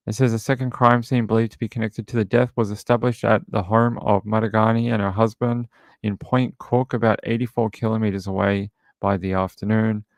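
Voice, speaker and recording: Low gravelly guy. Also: no echo, studio quality. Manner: rambling, thinks aloud, many restarts. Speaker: true crime livestream host. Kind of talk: casual livestream chat.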